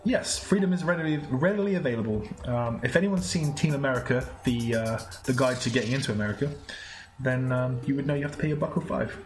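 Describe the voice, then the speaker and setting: A man's voice: medium pitch, fast talker, reverberant, faint music behind. A man from England with a British accent, telling a rambling story on a podcast, with many restarts and frequent laughs. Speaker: podcast co-host. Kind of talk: casual podcast chat.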